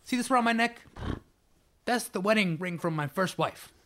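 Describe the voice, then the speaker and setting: A man's voice: high voice, lively intonation, moderate pace, a bit bright. A man performing in an improv comedy scene, giving a frantic, pleading pep talk.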